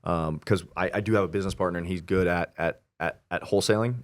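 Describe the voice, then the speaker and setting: A young man talking casually as an interview guest, telling stories animatedly and quoting himself. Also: sits low. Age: young adult. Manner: animated storyteller, quoting himself, quick asides. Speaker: real estate investor guest.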